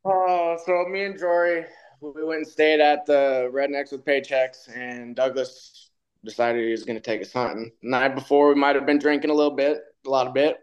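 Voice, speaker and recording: A man's voice: medium pitch, fairly even intonation, moderate pace, smooth, dull audio. A man, a retired bull rider, guesting on a podcast and telling stories in a laid-back way, often laughing. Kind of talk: casual storytelling.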